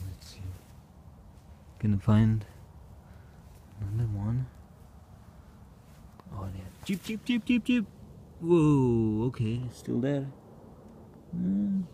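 A man with a soft, mellow tone thinks aloud slowly, filling the gaps with ums and restarts. Now and then he breaks into mooing, barking or meowing. He is outdoors at night, chatting casually to the camera. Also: medium pitch, creaky, a little hiss or hum. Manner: hesitant, wondering, with bursts of mooing, barking and meowing. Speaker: vlogger. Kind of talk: casual experiment commentary.

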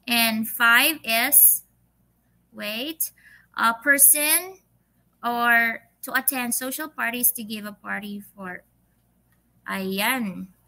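Bright-voiced Filipino woman teacher. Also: fairly high pitch, rough recording. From Philippines. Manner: patient, drawn-out quiz reading mixing English and Tagalog fillers. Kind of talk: online English lesson.

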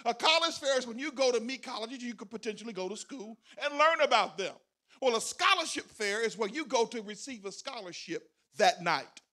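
Very high, bright-voiced energetic male host. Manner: loud, energetic, hyping up the audience. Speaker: event host speaking to students. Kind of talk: motivational speech to a crowd. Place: large performing arts center auditorium.

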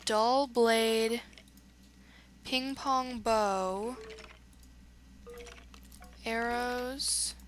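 A woman's voice: fairly high pitch, steady tone, very slow, pauses often, slight background noise. A woman chatting through a let's play, reacting aloud to the game as she goes. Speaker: gamer.

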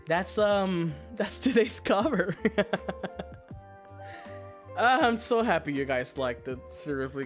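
A man chatting casually on a livestream, excitable and quick to laugh, swearing freely between thanks to viewers. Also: fairly high pitch. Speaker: virtual idol streamer.

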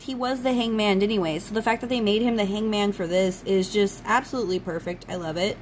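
A woman's voice: mid-range voice, steady tone, brisk, hardly any pauses, a little hiss or hum, poor audio. A woman hosting her channel, chatting casually and enthusiastically while unboxing a card deck. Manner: gushing, enthusiastic fan talk. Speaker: channel host.

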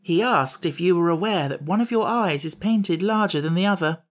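A man's voice: high voice, very animated, moderate pace, darkish tone, voice pushed up. Man voicing a cheeky young maid. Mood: teasing. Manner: teasing, cheeky. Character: mischievous young palace maid, cheeky and playful. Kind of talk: audiobook character voice.

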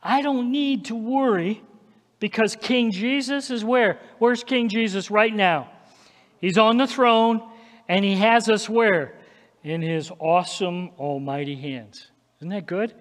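A man with a high, bright voice delivers a sermon at an unhurried, deliberate pace. He leans on emphasis and keeps asking the congregation "okay?" as he goes. His words ring out with the long reverb of a church sanctuary. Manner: emphatic preaching, frequent "okay?" check-ins with the congregation. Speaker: pastor.

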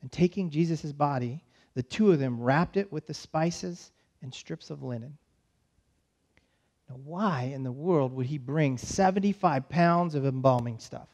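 High-voiced pastor telling a story. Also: male voice, a little mellow. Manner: storytelling, voices the disciples' panic in quick asides. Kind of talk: sermon. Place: church.

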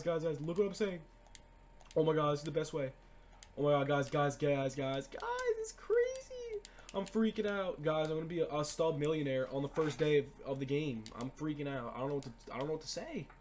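Young male gaming YouTuber, excitable, slangy, a bit high-pitched, faint background hum. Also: fast talker. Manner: hyped, repetitive, slangy. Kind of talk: excited gameplay commentary.

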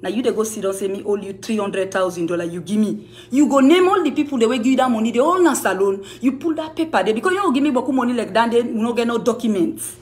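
She's a music manager with a Sierra Leonean Krio accent, giving a heated rebuttal to camera against accusations, accusing, emphatic and repetitive. Her voice is a little high, expressive and fast, with a darkish tone.

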